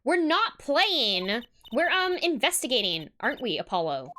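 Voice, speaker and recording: A woman voicing a cheerful, excitable teenage girl magician in a raised, bubbly voice. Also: high-pitched, moderate pace, a little hiss or hum, exaggerated voice. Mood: chirpy.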